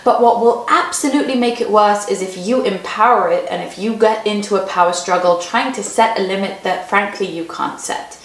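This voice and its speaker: Woman parenting coach, calm and measured, slightly gravelly voice, echoey room. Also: medium pitch. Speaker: parenting educator. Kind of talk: advice talk to parents.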